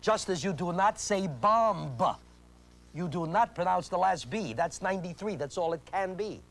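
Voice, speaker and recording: A man's voice: high-pitched, fairly quick. A man teaching a memory technique on an instructional video, speaking emphatically, repeating his key points and quizzing the viewer. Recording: 1980s VHS instructional tape.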